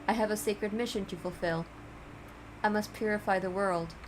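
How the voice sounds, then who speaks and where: A woman's voice: medium pitch, fairly even intonation, normal speed, a little hiss or hum, close to an everyday voice, low-quality recording. A woman reading as a terse, solemn crusader. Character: solemn man on a sacred purifying mission.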